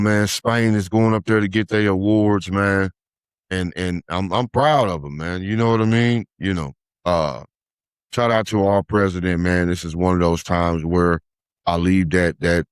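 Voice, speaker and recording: Deep-voiced man, "man" every phrase. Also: smooth, no room sound, clean studio sound. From United States. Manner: says "man" after nearly every phrase, many "uh" fillers. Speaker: podcast host, life coach. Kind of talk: casual podcast commentary.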